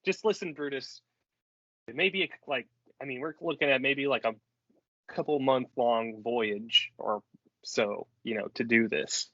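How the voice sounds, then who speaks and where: A man's voice: mid-range voice, measured pace, sharp tone, dry recording. A man voicing an earnest young male rat-folk sailor in a tabletop game, speaking firmly. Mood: determined. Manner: firm, pleading. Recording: dull lo-fi recording.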